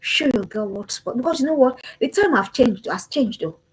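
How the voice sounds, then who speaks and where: Impassioned husky woman, exhorting. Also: a little high, lively intonation, moderate pace, low-quality recording. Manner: impassioned, emphatic, repeats her calls to action. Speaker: parenting speaker. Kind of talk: motivational talk.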